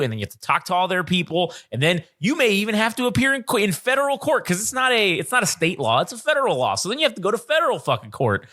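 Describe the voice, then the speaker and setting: A man's voice: high-pitched, pushed and bright. A young man on a podcast, telling a story in a casual, profane, self-mocking way. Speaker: podcast co-host.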